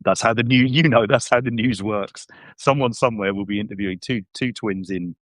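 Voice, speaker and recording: A deep-voiced man hosts a relaxed podcast discussion, thinking out loud and checking in with tags like "right?" and "isn't it?". His voice comes through dry and close on a video call mic. He keeps a casual, conversational pace. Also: brisk, no room sound. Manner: relaxed, reasoning aloud with rhetorical tags. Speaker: podcast host.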